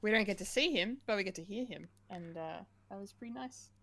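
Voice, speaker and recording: A woman co-hosting a casual pop-culture podcast, chatty and quick to laugh, with lots of fillers. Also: mid-range voice, a bit bright. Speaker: podcast co-host.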